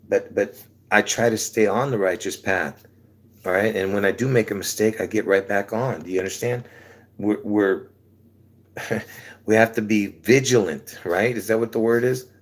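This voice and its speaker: A man with a fairly low pitch preaches casually to his channel on a livestream despite a sore throat. He rambles, chuckles between phrases and keeps asking "all right?"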